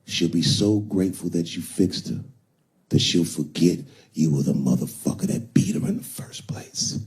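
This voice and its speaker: A comedian voicing an older pimp who gives cold advice in a low, hushed, sinister tone. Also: male voice, moderate pace, breathy edge, full character voice. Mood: menacing.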